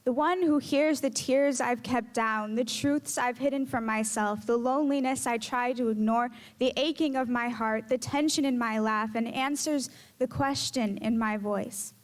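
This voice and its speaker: Teen girl reading her poetry, slightly high. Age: teens. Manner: measured, earnest recitation. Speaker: student poet.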